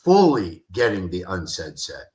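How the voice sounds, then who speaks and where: A man's voice: deep voice, very animated, a little slow, warm tone. A man giving an interview about communication, talking with passion and repeating his key phrases for emphasis. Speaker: guest, communication expert and speaker. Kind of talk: animated interview talk with acted-out anecdotes. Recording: echoey room.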